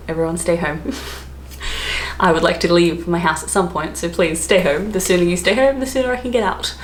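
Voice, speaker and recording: Young Australian woman vlogger, low-ish voice, playful and chatty; roomy echo, faint hiss behind. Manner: chatty and playful, laughing between points. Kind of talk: casual explainer vlog. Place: home during lockdown. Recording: echoey room, faint background hiss.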